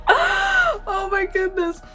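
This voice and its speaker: A woman's voice: very high-pitched, sharp tone. A woman hosting her channel, reading fanfiction aloud casually and often breaking into laughter. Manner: giggly, keeps breaking into laughter.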